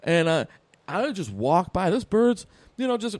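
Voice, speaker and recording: A podcast co-host tells profane stories in a casual way, often breaking into laughter. His voice is high-pitched and sing-song with a darkish tone, at normal speed.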